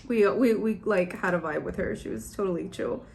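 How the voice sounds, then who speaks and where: A woman's voice: medium pitch, moderate pace, gravelly, a little mellow, slight background noise. A young woman chatting casually at home while doing her makeup, rambling and emotional, tearing up as she talks. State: teary, close to crying. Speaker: beauty vlogger. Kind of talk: casual get-ready-with-me chat.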